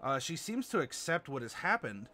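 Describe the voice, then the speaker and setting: A man running a streamed tabletop game as game master, chatty and halting with lots of fillers. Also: mid-range voice, sing-song, pushed and bright. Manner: chatty, halting, many fillers, laughs easily.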